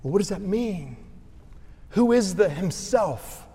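Pastor guy preaching slow, goes from big ringing lines to hushed soft ones, long echo of a big church hall. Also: high voice, lively intonation, slightly rough. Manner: swings from ringing emphasis to hushed tenderness. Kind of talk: sermon. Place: church sanctuary. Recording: long reverb of a large sanctuary.

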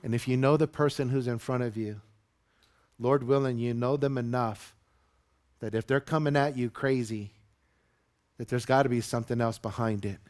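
At medium pitch and a normal speed, with frequent pauses, a male pastor delivers a sermon. He tells a story to the congregation in the church sanctuary, animatedly voicing the characters.

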